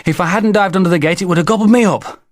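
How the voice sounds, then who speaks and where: A man doing an excitable little boy. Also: rapid-fire, no room sound, clean studio sound, lightly acted. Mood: breathless insistent. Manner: high, shouty and insistent.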